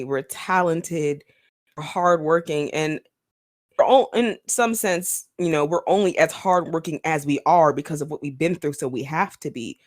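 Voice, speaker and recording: A woman co-hosting a podcast in casual chat, chatty and quick to laugh, with many fillers. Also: low-pitched. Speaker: podcast co-host.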